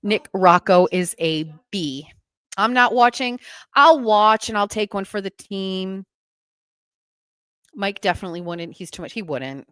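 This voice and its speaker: A woman's voice: medium pitch, measured pace, smooth, dry recording. Chatty woman podcast host, dry sound. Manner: chatty, gossipy, animated with laughs. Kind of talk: casual chat.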